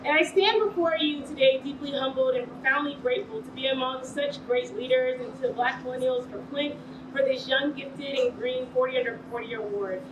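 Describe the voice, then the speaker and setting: A woman's voice: high-pitched, fairly even intonation, fairly quick, highs cut off. A young woman from the American South giving an earnest, formal acceptance speech. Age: young adult. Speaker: award recipient. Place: event hall. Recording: echoey hall from far off with noise.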